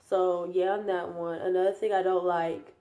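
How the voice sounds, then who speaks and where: A young woman with a slightly low voice chats casually through a vlog update. She sounds tired and rambles with lots of fillers and restarts. Her new braces give her a slight lisp. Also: flat delivery, normal speed, mellow. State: tired, yawning. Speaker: vlogger.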